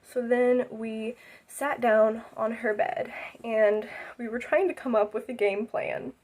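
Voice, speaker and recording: A young adult woman telling a story casually in an animated way, acting out the scenes and saying "like" often. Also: a little high, takes it slowly.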